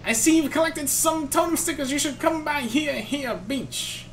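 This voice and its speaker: A man voicing a cheerful old male professor, reading game dialogue in a high, bouncy put-on voice. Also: moderate pace, a bit bright, a little hiss or hum. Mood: friendly.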